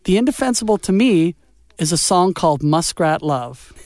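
A man hosting a music radio show, chatting in an animated, joking way. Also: high-pitched, moderate pace, dry recording. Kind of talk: casual chat.

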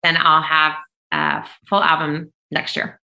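A woman worship singer, a guest on a remote call, sharing her faith in an earnest, emphatic, deliberate way. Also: sits low, level tone, pushed and bright, echoey room, poor audio. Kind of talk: heartfelt faith testimony in conversation.

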